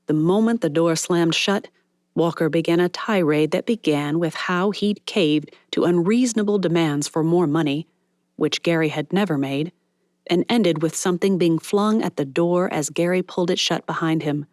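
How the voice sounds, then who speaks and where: A woman reading a novel aloud as audiobook narrator, in measured storytelling narration. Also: lowish voice, a little mellow, no room sound, clean studio sound. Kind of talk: scripted narration.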